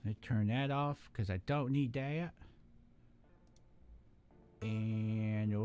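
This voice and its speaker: A man's voice: lowish voice, drawn-out words, long pauses, a little mellow, clean tone, soft background music. A man hosting a live build stream, chatting casually and rambling, often breaking off mid-sentence and swearing now and then. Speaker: live-stream host building model kits.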